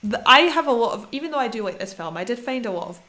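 A woman's voice: on the high side, animated, fast talker, bright, forceful tone. A woman co-hosting a casual film podcast, talking in a chatty, rambling way and laughing often. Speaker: podcast co-host. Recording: echoey room.

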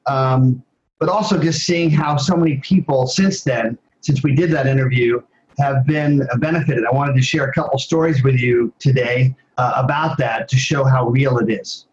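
An older man in his sixties, an interview guest, telling personal stories in a rambling, casual way with frequent pauses. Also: mid-range voice, steady tone, lo-fi sound. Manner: rambling, with many fillers and restarts. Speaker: guest, former athlete and advocate.

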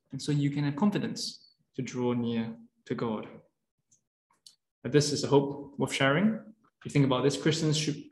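Male preacher, mid-pitched, earnest and explanatory, recorded in a roomy hall. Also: gravelly. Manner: earnest, explanatory, with frequent fillers and restarts. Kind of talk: lunchtime sermon. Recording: echoey room.

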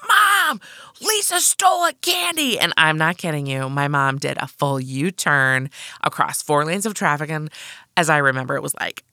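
A woman co-hosting a podcast in casual chat, summarizing a book and telling frank, self-mocking stories in an animated way. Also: sits low, normal speed, smooth, no room sound, clean studio sound. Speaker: podcast co-host.

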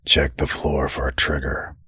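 A man voicing a wary, irritable young man who talks low and hushed in an audiobook. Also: level tone, measured pace, slightly rough, no echo, studio quality, heavily acted. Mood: cautious. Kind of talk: audiobook character voice.

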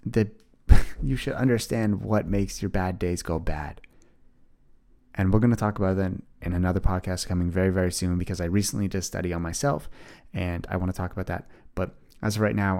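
A man's voice: sits low, vocal fry, dark tone. A man in his twenties talking alone on his podcast, earnest and rambling as he encourages his listeners. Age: 20s. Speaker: podcast host. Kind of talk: casual solo podcast monologue.

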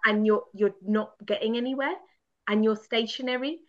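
A woman guest from the UK telling a candid story with animated, laughing self-mockery. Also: on the high side, moderate pace. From United Kingdom. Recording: dull lo-fi sound.

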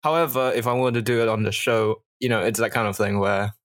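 A man co-hosting a podcast, talking casually in a halting way with restarts and fillers. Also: lowish voice, fairly even intonation. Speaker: podcast co-host. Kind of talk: casual chat.

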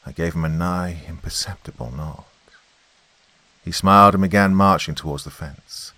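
Deep-voiced man narrating a horror story. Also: normal speed, bright, forceful tone, no room sound. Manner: tense, dramatic reading.

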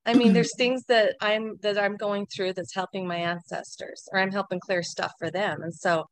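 A woman speaking in an animated, emphatic way in a casual group discussion. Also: mid-range voice, moderate pace, slight background noise.

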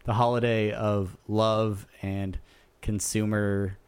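A man's voice: lowish voice, slow pace, clear, resonant tone. A man co-hosting a podcast, chatting casually and joking as he plugs the show and its social media. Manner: joking, relaxed plugging of the show. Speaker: podcast co-host.

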